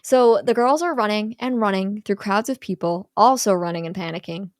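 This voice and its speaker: Animated young woman recapping a horror film. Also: mid-range voice, normal speed, no echo, clean studio sound. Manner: animated storyteller, lots of "like", acts out quotes. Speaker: podcast co-host recapping a film. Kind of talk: casual chat recapping a horror movie.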